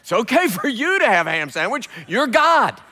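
A man's voice: very high voice, sing-song, moderate pace, pushed and bright, heavily acted. A man voicing a stubborn, devout male apostle who insists and pleads. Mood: protesting.

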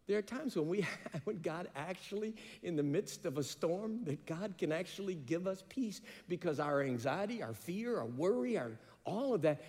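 A man's voice: high voice, lively intonation, a little slow, darkish tone, long reverb tail. A man preaching a sermon, telling stories and building to emphatic peaks. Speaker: pastor.

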